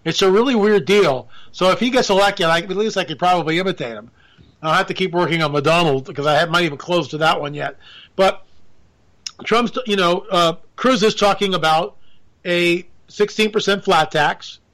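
A man's voice: sits high, moderate pace, fairly bright tone. A man delivering a rambling, sarcastic political commentary monologue, full of asides and mock disbelief. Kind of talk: opinionated monologue.

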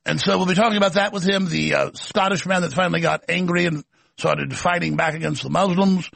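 A man's voice: high-pitched, brisk, vocal fry, a bit bright, no echo. A man hosting a political commentary show, delivering a sarcastic, combative rant. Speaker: show host.

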